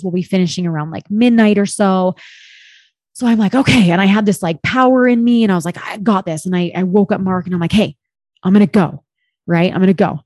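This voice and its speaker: A woman of middle pitch telling a story in a loose, candid way, peppered with "like" and the odd swear word. Her voice is recorded close and dry, with no room sound around it. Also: dry recording. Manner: candid and expressive, swears, heavy use of "like". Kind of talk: casual storytelling chat.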